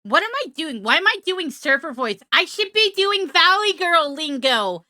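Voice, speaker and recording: A woman's voice: extremely high pitch, sing-song, normal speed, sharp tone, dry recording. A woman streamer chatting casually, self-deprecating, explaining at length with many fillers. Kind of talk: casual live-stream chat.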